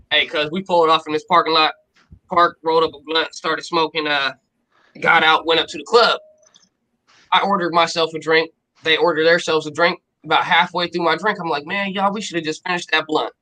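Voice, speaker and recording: A man hosting a casual stream, telling a drunken night-out story in slangy, profane, animated talk. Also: a little high, normal speed, pauses often, low-quality recording.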